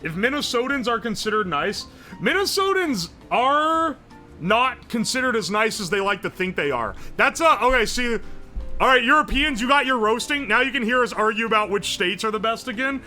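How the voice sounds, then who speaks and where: A young man from West Virginia holds forth on his livestream, loud, profane and quick to joke. His voice sits high and rings very bright and sharp, a little worn from hours of yelling, with faint music playing under him. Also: animated. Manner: loud, profane, joking, yells a lot. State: sore throat from streaming. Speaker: streamer. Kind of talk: casual livestream chat reading chat.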